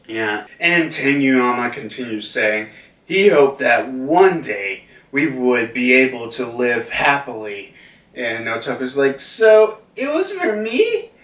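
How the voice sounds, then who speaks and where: A man's voice: mid-range voice, a bit bright. A man giving a casual manga chapter review, rambling with lots of fillers. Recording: roomy echo, distant mic.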